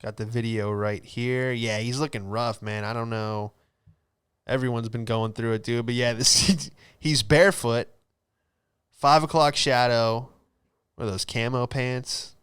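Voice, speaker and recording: A man's voice: mid-range voice, steady tone, unhurried, fairly bright tone, clean tone. A young man hosting a casual podcast, rambling through stories with loose slang. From Florida. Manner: laid-back, rambling storytelling with slang. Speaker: podcast host. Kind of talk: casual solo podcast chat.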